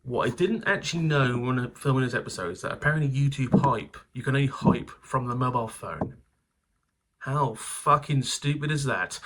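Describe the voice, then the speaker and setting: A man's voice: medium pitch, a bit bright, a little hiss or hum. A man hosting his channel, telling rambling stories, swearing and laughing at himself. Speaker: channel host. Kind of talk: casual anecdotal vlog.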